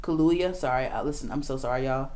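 A woman co-hosting a casual chat podcast, animated and swearing, firing off repeated disbelieving questions. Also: low-pitched, brisk.

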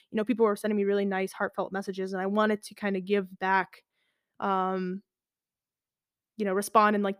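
A woman's voice: medium pitch, a bit bright, smooth, no room sound, studio quality. A woman in her twenties telling a personal story as a podcast host, casual and rambling, full of "like" and "you know". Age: 20s. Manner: rambling, filler-heavy, lots of "like".

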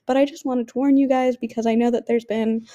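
A young woman host addresses listeners in an earnest, apologetic way. Her voice is mellow and sits slightly high. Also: fairly even intonation, muffled recording. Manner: apologetic, earnest, slowing at the end. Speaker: podcast host. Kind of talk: casual announcement to listeners.

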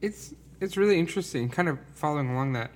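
A man's voice: on the high side, animated, fast, a little hiss or hum. A man talking earnestly and rambling a little, full of fillers, in a casual conversation about faith.

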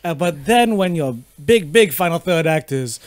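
A podcast co-host in casual film-review chat, sweary and jokey with quick asides. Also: medium pitch, animated, no echo.

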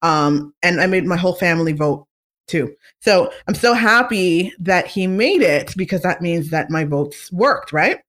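A woman hosting a casual talk show, chatting in an animated, opinionated way with many fillers and asides. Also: on the low side, unhurried. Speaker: podcast host. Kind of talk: casual chat.

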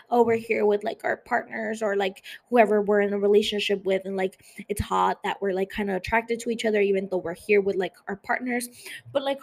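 A woman hosting a podcast, chatting casually about a TV episode with lots of fillers and free swearing. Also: mid-range voice. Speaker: podcast host. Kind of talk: casual TV recap chat.

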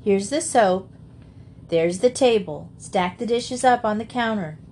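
A woman reading the part of a high-spirited young woman who talks in a lively, bossy way, in a storybook reading. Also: a little slow, a little hiss or hum, natural voice. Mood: merry.

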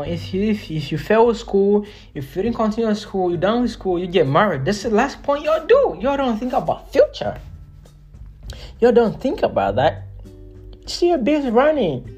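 A woman's voice: medium pitch, darkish tone. A woman hosting a solo podcast, lecturing her listeners in a blunt, profane and emphatic way, repeating her points. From Congo. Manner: lecturing, repetitive. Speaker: podcast host.

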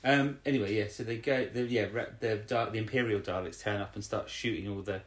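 Man, lowish voice, rambling casual recap, tag questions, roomy echo. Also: fairly even intonation, a little fast. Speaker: podcast co-host. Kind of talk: casual chat recapping an episode.

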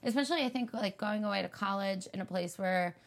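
A woman from the Philadelphia area, chatting casually and telling animated stories. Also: mid-range voice, fast talker. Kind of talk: casual chat.

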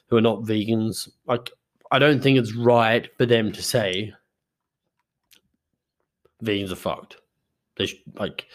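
Casually swearing podcast host, a man. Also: fairly low pitch. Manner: swearing, rambling storyteller. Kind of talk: casual monologue.

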